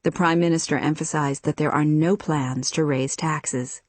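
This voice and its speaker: A woman reading example sentences in a measured, plain dictionary style. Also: low-pitched, fairly even intonation, darkish tone, dry recording. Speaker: vocabulary reader.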